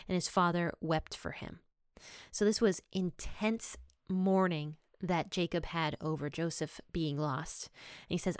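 A woman's voice: on the low side, moderate pace, darkish tone, no room sound, studio quality. A young woman giving a casual, chatty Bible study, sharing personal stories and laughing as she explains. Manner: chatty and conversational, laughs while telling stories. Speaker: Bible teacher.

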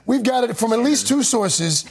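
A man's voice: extremely high pitch, expressive, moderate pace, breathy edge. A man hosting a morning talk show, asking a guest teasing, curious questions. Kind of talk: casual talk show chat. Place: television studio.

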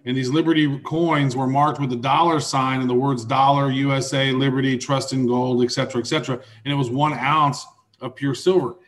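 A man's voice: medium pitch, flat delivery, brisk, a bit bright. A man with a Midwestern accent co-hosting a casual crypto news chat, joking and rambling with filler words. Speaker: co-host.

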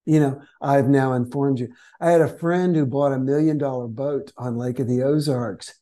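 A man's voice: medium pitch, steady tone, normal speed, mellow. A man who is a guest on a podcast interview, telling stories and acting out the voices of the people in them. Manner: storytelling that acts out quoted complainers. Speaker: guest author.

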